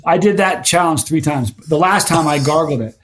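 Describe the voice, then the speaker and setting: A man chats as a podcast guest, spinning animated stories with plenty of false starts. His voice sits a little high for a man. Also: moderate pace. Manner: animated storyteller with frequent restarts. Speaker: guest, spicy food challenge creator. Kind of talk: casual podcast conversation.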